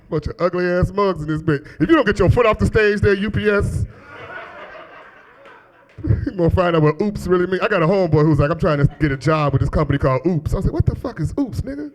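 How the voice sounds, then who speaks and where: A man in his thirties with a deep voice, doing a profane, animated stand-up comedy set on a club stage into a handheld mic. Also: a little fast, pauses often, poor audio. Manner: profane, animated storytelling with exaggerated quoted voices.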